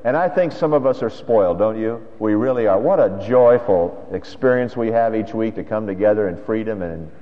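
A man's voice: fairly low pitch, normal speed, few pauses. Male pastor, conversational sermon delivery, lo-fi church recording with long reverb. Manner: conversational preaching with rhetorical questions. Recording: dull lo-fi sound with long hall reverb.

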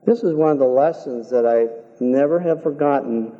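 An older man preaching a sermon in a church, talking in an earnest, measured way and telling folksy stories. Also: medium pitch. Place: church sanctuary. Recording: dull, reverberant church hall.

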